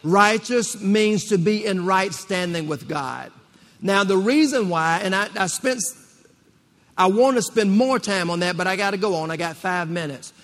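A man's voice: high-pitched, a bit bright. A man preaching a rousing sermon to a congregation, repeating phrases and calling for responses. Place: church. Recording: long reverb of a church hall.

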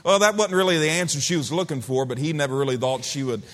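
A male pastor with a fairly high voice, preaching in a folksy, joking way and slowing down to lean on key words. His voice rings out in a church hall with a long reverb. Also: fairly even intonation, a bit bright. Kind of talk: sermon.

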